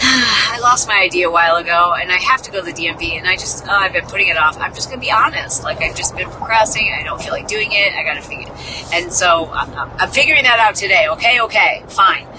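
A woman's voice: fairly low pitch, fast talker, background noise. A woman from the Midwest, a podcast host, telling a story in a casual, chatty, self-mocking way and acting out the people she quotes.

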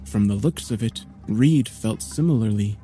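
A male narrator tells a horror story in a measured, grave way. His voice is mellow and mid-pitched, with faint music underneath.

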